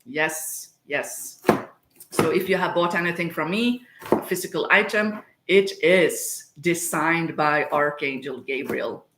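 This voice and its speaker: A woman's voice: low voice, takes it slowly, very noisy. A woman, chatting casually and rambling off topic on a livestream from her home kitchen. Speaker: spiritual medium livestreaming. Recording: echoey room sound.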